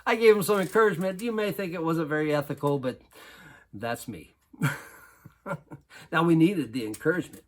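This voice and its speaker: A basketball coach telling a lively personal story to an audience, laughing often as he goes. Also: on the high side, normal speed, long pauses. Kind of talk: storytelling talk.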